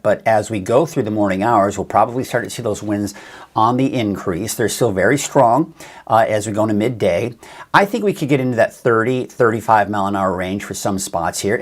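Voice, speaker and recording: Man, weather forecaster, low voice, chatty, frequent fillers, self-correcting. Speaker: weather forecaster, show host. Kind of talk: casual weather forecast talk.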